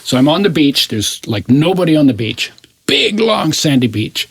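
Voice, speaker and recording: A man in his eighties, an interview guest, telling a personal story in an animated way and often restarting his phrases. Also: a little high, normal speed, creaky, slightly rough, no echo. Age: 80s.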